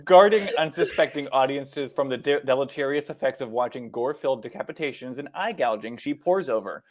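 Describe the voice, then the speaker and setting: A man's voice: medium pitch, animated, brisk. A man with an American accent, co-hosting a podcast in casual, jokey chat, swearing freely and laughing at himself. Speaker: podcast co-host.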